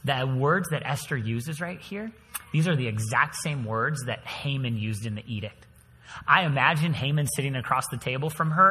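Pastor, animated sermon storyteller, bright forceful voice, long church reverb. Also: male voice, medium pitch, normal speed. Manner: animated storytelling, dramatic swings in volume.

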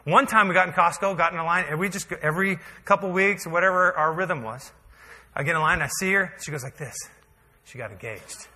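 A man's voice: on the high side, a little fast, bright, forceful tone. A man preaching a sermon as pastor, telling a story in a conversational, humorous way that builds to emphatic peaks. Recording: hall reverb.

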